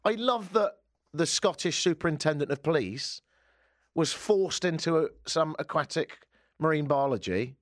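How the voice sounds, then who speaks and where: Male radio host, jokey chat, animated pitch, dry studio sound. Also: moderate pace, no room sound. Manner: jokey, puts on silly voices for bits. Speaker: radio talk show host.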